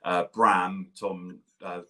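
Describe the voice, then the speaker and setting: A man's voice: low-pitched, little pitch movement, slow pace, bright, forceful tone. A man co-hosting a podcast, chatting as a gushing, enthusiastic fan. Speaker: podcast co-host. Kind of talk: casual chat.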